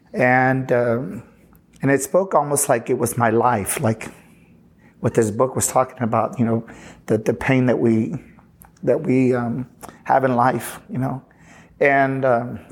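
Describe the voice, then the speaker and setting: A pastor from Texas telling his personal testimony in an earnest, halting way, often restarting sentences and retelling conversations. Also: mid-range voice. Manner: earnest, halting, with frequent restarts and retold dialogue.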